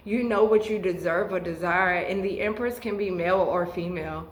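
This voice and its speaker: A woman's voice: on the low side, moderate pace, roomy sound, poor audio. A woman giving a tarot reading and chatting about her own life, earnest and emotional, often restarting her sentences. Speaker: tarot reader. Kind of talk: tarot reading with personal chat.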